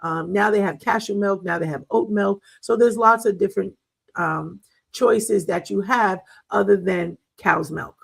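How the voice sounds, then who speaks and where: Middle-aged woman, wellness talk host, chatty storytelling, gravelly, husky. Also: mid-range voice, a little slow, low-quality recording. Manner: chatty, storytelling, laughs often, many fillers. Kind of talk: casual health talk.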